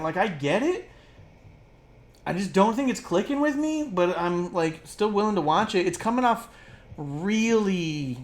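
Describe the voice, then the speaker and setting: Rambling, profane podcast co-host. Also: medium pitch. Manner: rambling, profane, filler-heavy; drops into quick mocking impressions. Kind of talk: casual podcast chat.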